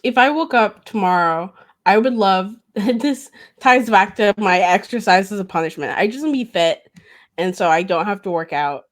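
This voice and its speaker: A woman's voice: medium pitch, normal speed. A woman co-hosting a podcast, telling candid stories in casual chat with frequent laughter. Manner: laughing, candid, animated storytelling. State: hiccups. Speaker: podcast co-host.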